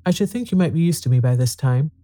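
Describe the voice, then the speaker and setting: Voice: mid-range voice, lively intonation, fast, mellow, no echo, natural voice. A reader doing falsely easy Henry. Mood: uneasy. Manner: snapping, then falsely pleasant. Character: volatile man with a forced ease, Henry.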